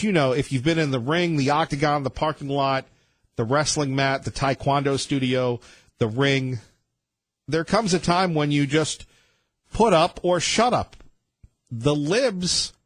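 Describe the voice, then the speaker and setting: A male radio host delivers an emphatic, rambling monologue into a studio microphone. His voice is somewhat high and husky. The sound is dry and close. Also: no room sound. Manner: emphatic, rambling, with many restarts. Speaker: radio talk show host.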